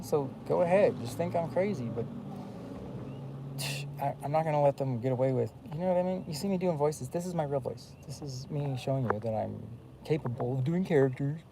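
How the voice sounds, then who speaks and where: A man's voice: mid-range voice, vocal fry, background noise. A man rambling in a casual monologue, full of fillers and restarts. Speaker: vlogger.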